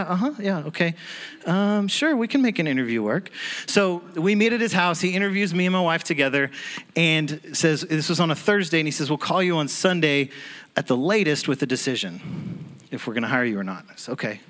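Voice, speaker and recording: A young man telling a personal testimony in a sermon, animated and acting out the people he quotes with laughing asides. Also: on the high side. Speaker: church speaker telling a testimony.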